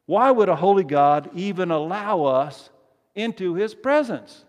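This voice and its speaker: A man preaching a sermon as pastor, emphatic and swinging from soft to loud, leading his congregation in call-and-response. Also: high-pitched, expressive, measured pace. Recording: long reverb of a large hall.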